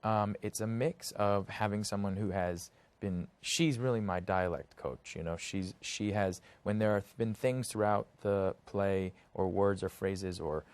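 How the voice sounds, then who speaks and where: A man's voice: fairly low pitch, fairly even intonation, unhurried, hardly any pauses, darkish tone, clean tone, no echo. An American actor being interviewed, talking in a thoughtful way and hunting for his words with many fillers. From United States. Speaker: actor guest. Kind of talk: casual interview chat.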